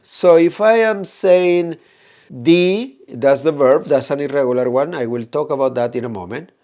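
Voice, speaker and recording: A man, teaching a grammar lesson and often checking in with "right?" while he slowly draws out the examples. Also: fairly high pitch, mellow. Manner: explanatory, frequent "right?" checks, slow drawn-out Spanish examples. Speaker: Spanish teacher.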